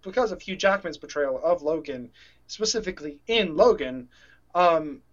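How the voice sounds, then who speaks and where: A man's voice: fairly high pitch, animated, normal speed. A man co-hosting a casual podcast chat, rambling and restarting sentences as he gets emotional. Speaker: podcast co-host. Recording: dull lo-fi sound.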